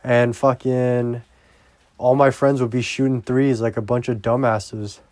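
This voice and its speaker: A young man in a casual video diary, rambling crudely and breaking into loud, profane, exasperated outbursts. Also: medium pitch, level tone, a little slow, no room sound. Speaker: vlogger.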